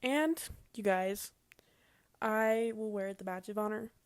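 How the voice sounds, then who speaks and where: Casting: young woman storyteller, gushing and conversational, filler-heavy, plain mid-pitched voice, dry unroomy sound. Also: slow, no room sound. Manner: chatty and emotional, says "like" often. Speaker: vlogger. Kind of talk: casual personal storytelling.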